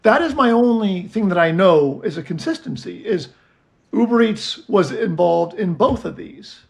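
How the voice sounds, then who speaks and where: A man's voice: sits high, expressive, moderate pace, gravelly. A man co-hosting a casual chat, telling a story and acting out both sides of his phone calls. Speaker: podcast co-host.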